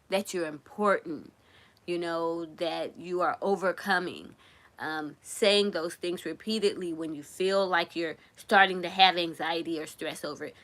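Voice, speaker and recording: A woman hosting a crochet live stream, speaking in a gentle, encouraging and emotional way while close to tears. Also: fairly low pitch. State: tearful, runny nose. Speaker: crochet livestream host. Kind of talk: casual live-stream talk.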